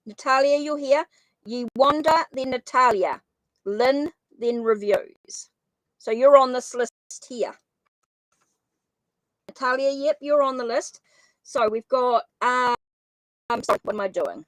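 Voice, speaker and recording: Woman doing a tarot livestream, kinda high voice, dry close mic, keeps saying sorry while she types. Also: takes it slowly, long pauses, dry recording, rough recording. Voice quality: says she has a funny accent. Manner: flustered, apologetic, thinks aloud while typing names. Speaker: tarot reader hosting a live stream. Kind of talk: casual live-stream chat.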